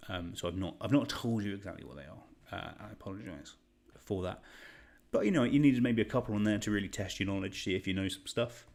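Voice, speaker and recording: Chatty quiz host, lowish voice. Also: male voice, fast, creaky, a little mellow. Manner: chatty, rambling, joking. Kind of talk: live online quiz hosting.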